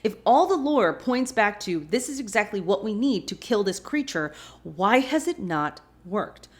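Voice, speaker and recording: A woman's voice: mid-range voice, a little slow. A woman hosting a rewatch show, casually recapping an episode and reacting with feeling as she retells it. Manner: expressive, reacts emotionally while retelling.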